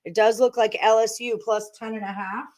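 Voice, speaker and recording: A woman's voice: fairly high pitch, steady tone, normal speed, a little mellow. A woman hosting a live sports betting stream, chatting casually and thinking aloud to her viewers as she goes through picks. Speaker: sports betting show host.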